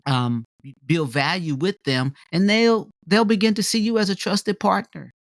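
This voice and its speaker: Podcast co-host, male, casual and energetic, keeps checking in with "right?", somewhat high, dry close mic. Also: normal speed, no room sound. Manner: animated, many "right?" tags and fillers.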